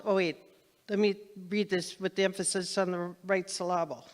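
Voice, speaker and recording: A woman's voice: mid-range voice, fairly even intonation, moderate pace. A woman minister giving a spiritual lesson to her congregation, conversational and repeating phrases for emphasis. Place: spiritual center meeting hall. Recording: long reverb in a hall.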